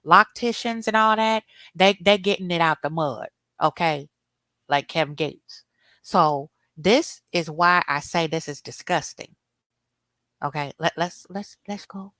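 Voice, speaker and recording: A woman's voice: on the low side, measured pace, sharp tone, no room sound. A woman hosting a commentary rant, blunt and profane as she reacts to clips. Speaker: commentary host.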